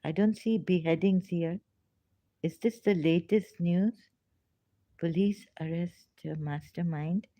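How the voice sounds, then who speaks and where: Low, slow-talking, hesitant woman. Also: warm tone, no room sound. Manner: hesitant, halting, many fillers and restarts. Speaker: livestream host. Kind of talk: casual livestream talk, reading news aloud. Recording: dry, slightly dull lo-fi recording.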